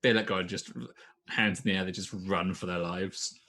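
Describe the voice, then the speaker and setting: Man, game master, low voice, husky, casual rambling narration. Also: fairly even intonation, normal speed, sharp tone. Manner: casual, rambling, self-correcting.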